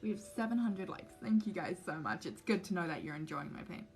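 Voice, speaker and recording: This young woman's voice is fairly low and darkish, and she talks fairly quickly. She's on a livestream making a cosplay mask, nervously chatting and rambling to viewers while she draws.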